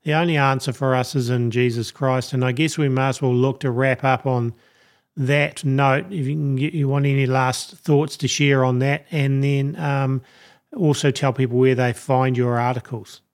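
A man's voice: mid-range voice, level tone, normal speed. A man hosting an interview show in an easygoing, casual way. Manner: easygoing, wraps up with thanks. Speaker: podcast host.

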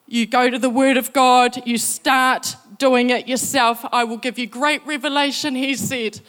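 A woman's voice: high voice, fairly even intonation, unhurried, fairly bright tone. A woman telling a personal faith testimony, acting out the voices she quotes. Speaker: speaker sharing faith story.

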